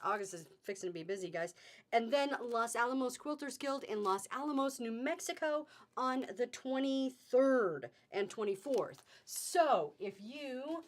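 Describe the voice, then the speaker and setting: A chatty, upbeat woman with a slightly high voice hosts a live online sale. She talks casually to her viewers and greets them by name as she goes. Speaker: host of a live fabric sale. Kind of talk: casual live-stream chat.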